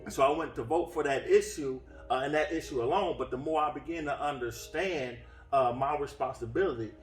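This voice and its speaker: Heard off-mic in an echoey room with faint background music, a man delivers an earnest sermon meant to teach. His mid-range voice moves fairly quickly, and he frequently restarts phrases and fills pauses.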